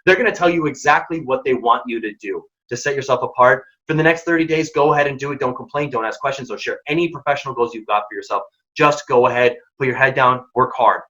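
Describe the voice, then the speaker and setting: A man's voice: medium pitch, fast, hardly any pauses, sharp tone. A young man hosting a workshop, giving direct, emphatic career advice in casual words. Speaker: workshop host and mentoring program founder. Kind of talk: instructive talk with career tips. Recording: dull lo-fi audio.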